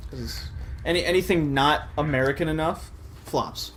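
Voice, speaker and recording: A man's voice: on the high side, moderate pace, fairly bright tone, slight background noise. A man co-hosting a casual let's-play, teasing and joking with his partner and laughing often. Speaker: co-host.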